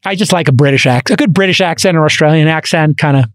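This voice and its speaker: Brooklyn guy hosting a podcast, kinda high voice, rambly and animated, dry close mic. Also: fast, no echo. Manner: animated, talkative, many fillers and restarts. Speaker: podcast host. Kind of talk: casual interview chat. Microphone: studio microphone.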